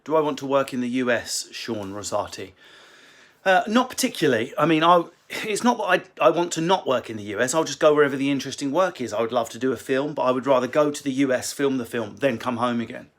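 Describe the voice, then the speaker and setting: A comedian answering viewer questions in a casual Q&A, swearing and joking in quick asides, from a book-lined room at home on a phone. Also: male voice, mid-range voice, lively intonation. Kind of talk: casual livestream Q&A.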